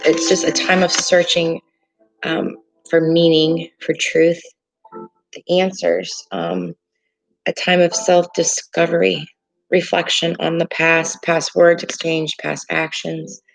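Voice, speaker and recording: A woman giving a tarot reading, speaking in a halting, hesitant way with many pauses and fillers. She sounds earnest and emotional as she talks through the cards. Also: fairly low pitch, creaky, poor audio. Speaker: tarot reader. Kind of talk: tarot card reading to camera. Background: soft meditation music.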